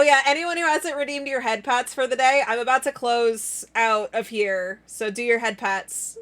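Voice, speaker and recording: A woman's voice: on the high side, moderate pace, few pauses, a bit bright. A young woman live-streaming in casual chat, giggly and playful, bursting into squeals and laughter.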